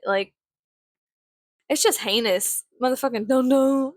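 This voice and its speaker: A woman in her thirties venting in a casual vlog, blunt, profane and sarcastic, swinging into sudden high laughs. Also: animated, normal speed, fairly bright tone, no echo. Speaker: vlogger.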